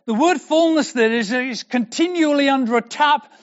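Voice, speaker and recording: A man preaching a sermon, emphatic and slow, repeating key words for weight. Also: very high-pitched. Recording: dull lo-fi recording.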